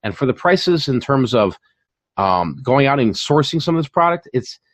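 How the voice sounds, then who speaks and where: A mid-range, very animated male voice at a moderate pace, recorded with no room sound. He's a channel host and online reseller chatting casually on a live stream about reselling, full of fillers and repeated words.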